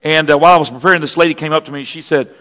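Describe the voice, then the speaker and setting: A male pastor preaching a sermon as a story, moving from hushed narration to shouted praise. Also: a little high, fairly even intonation, rapid-fire. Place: church sanctuary. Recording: long reverb of a church hall.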